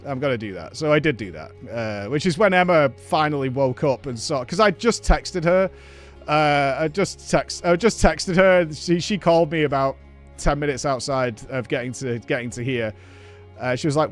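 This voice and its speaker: A man's voice: on the high side, lively intonation, moderate pace, soft background music. A man in casual chat, rambling through a story with frequent swearing and nervous laughs. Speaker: show host.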